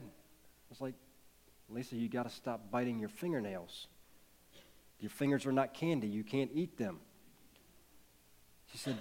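A man's voice: medium pitch, measured pace, pauses often, a little mellow. A man in his thirties preaching a sermon, telling a personal story in an earnest way and building to emphatic peaks. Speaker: pastor.

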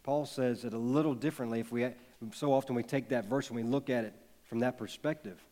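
A man's voice: mid-range voice, fairly even intonation, a little fast, mellow. A man in his thirties preaching a sermon, telling a personal story in an earnest way and building to emphatic peaks. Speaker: pastor.

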